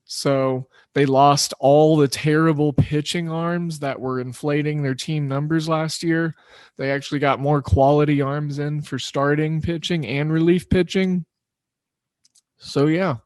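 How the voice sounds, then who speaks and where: A man's voice: a little high, steady tone, a little slow, darkish tone, clear, resonant tone, no echo, studio quality. A man hosting a sports betting podcast, talking loosely and in a rambling, self-deprecating way. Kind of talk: casual solo podcast talk.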